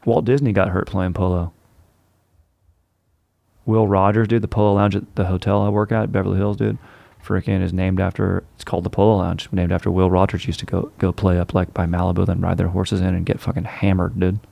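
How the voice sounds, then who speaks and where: This young man speaks in a low, gravelly yet warm voice, fairly quick and level in tone, over echo-free audio. Easygoing and profane, he drifts through casual stories and addresses everybody as "dude" again and again.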